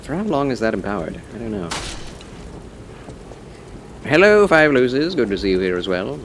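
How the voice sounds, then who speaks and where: A man streaming a game live, chatting casually and politely with his viewers, with quick laughs and muttered asides. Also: fairly low pitch, expressive, darkish tone, slight background noise. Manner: chatty, answers chat, playful and polite.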